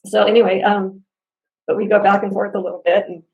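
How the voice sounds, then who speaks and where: A woman recounts a maddening customer-service run-in in a casual spoken review, her voice carrying a gravelly rasp. She tells it with animated energy, laughing between lines and acting out what people said. Underneath she sounds upset and close to tears. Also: medium pitch, brisk, lo-fi sound. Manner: animated storytelling with laughs and acted-out quotes. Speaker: customer telling a complaint story.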